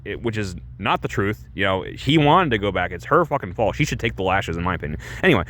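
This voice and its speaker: A man's voice: fairly low pitch, animated, fast, hardly any pauses, a bit bright. A man giving a casual, rambling movie review, full of restarts and fillers, who swears freely.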